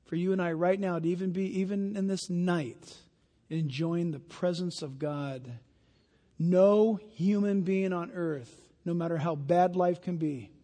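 A man's voice: fairly high pitch, dark tone. A man preaching a sermon, emphatic and full of stories. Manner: emphatic, storytelling. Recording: long hall reverb.

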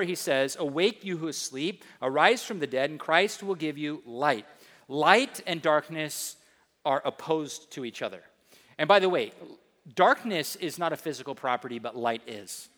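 A man preaching a sermon in a church, emphatic and quick to joke, with sudden asides to his listeners. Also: fairly high pitch, fairly bright tone, long reverb tail. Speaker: pastor.

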